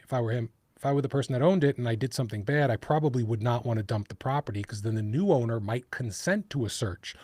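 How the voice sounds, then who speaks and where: A man with a New York accent talks through a case on his live show. He rambles, restarts and gets animated. His voice sounds dry and close, with a middle pitch. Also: no room sound. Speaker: host of a live true-crime stream. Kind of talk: casual live-stream talk.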